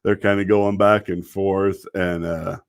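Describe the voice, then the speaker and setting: A man's voice: low-pitched, level tone, a little slow, clear, resonant tone, no echo, studio quality. Rambling, laugh-prone man reviewing a show. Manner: rambling, laughs often and hard, apologizing; quotes characters in mock voices. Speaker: reviewer reacting to a TV episode. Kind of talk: casual live-stream commentary.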